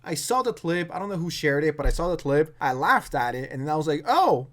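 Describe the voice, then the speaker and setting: A man's voice: a little high, fast, fairly bright tone. A man ranting in a sarcastic, mocking tone as a commentary YouTuber.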